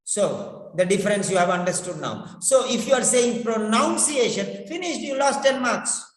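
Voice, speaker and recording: A man teaching English pronunciation in a classroom lecture, deliberately repeating words over and over so listeners can drill them. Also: high voice, lively intonation. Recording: echoey room with long reverb.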